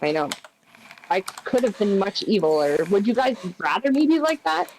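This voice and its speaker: A woman playing her character in a tabletop game, animated and forceful when in character. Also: medium pitch, moderate pace, a little hiss or hum, poor audio. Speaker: player.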